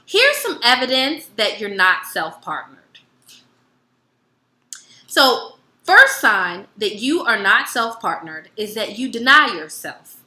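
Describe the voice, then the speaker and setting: A woman's voice: fairly high pitch, reverberant. A woman giving a casual wellness lesson, telling personal stories and acting out both sides of conversations. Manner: animated, acts out both sides of dialogues. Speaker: wellness educator.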